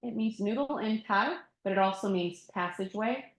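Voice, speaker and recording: A woman's voice: mid-range voice, moderate pace. Woman teaching thai bodywork to a group, laid back, laughs a lot, echoey room. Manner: relaxed and reflective, laughs often. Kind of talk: casual teaching in a group discussion. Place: yoga studio room.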